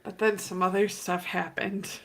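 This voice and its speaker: A woman co-hosting a casual stream, making deadpan, playful jokes. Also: mid-range voice, moderate pace, creaky. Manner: deadpan joking, playful bits. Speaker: stream co-host.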